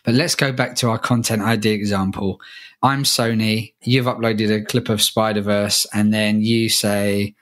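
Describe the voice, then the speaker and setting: Guy cohosting a podcast, kinda low voice, keeps the convo moving with questions. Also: level tone, moderate pace, a bit bright. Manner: guiding, asks questions, joking asides. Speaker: podcast co-host. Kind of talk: casual podcast chat.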